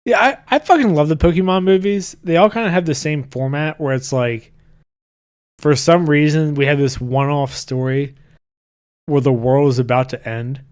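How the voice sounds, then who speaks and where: A smooth, slightly mellow voice that sits a little high, delivered at normal speed. The speaker is a podcast host in his thirties who chats casually and reads viewer comments, keeping it loose and profane with plenty of restarts.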